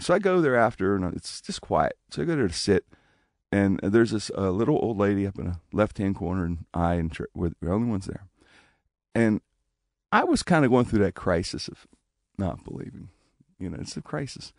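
A man with a low, gravelly voice tells a personal story in a relaxed, conversational way. His pitch rises and falls widely as he acts out the lines of the people in it, and the recording is dry and close. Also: dry recording. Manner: animated, acts out quoted speech with big pitch jumps. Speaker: guest telling a personal story. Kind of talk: casual spoken storytelling.

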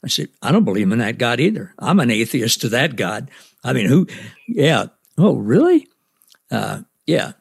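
A man hosting a podcast, telling stories in a lively way and acting out what other people said. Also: medium pitch, normal speed, creaky, husky, no room sound, clean studio sound. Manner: lively storyteller, laughs often, acts out quotes. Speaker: podcast host. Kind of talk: casual conversation about faith.

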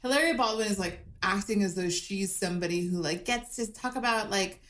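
A woman guest on a comedy podcast, talking over a video call with an animated, chatty storytelling manner full of fillers. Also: medium pitch, a little fast, reverberant.

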